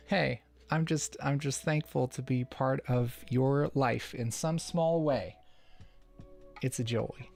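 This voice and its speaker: A man's voice: on the high side, lively intonation, slow pace, creaky, pauses often, a little mellow. A man hosting a casual livestream Q&A, playful and chuckling often as he reads the chat. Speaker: livestream host.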